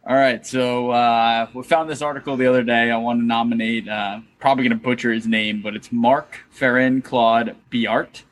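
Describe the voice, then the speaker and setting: A young man co-hosting a casual podcast and telling a story in a relaxed, chatty way. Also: medium pitch, moderate pace, few pauses. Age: young adult. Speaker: podcast co-host.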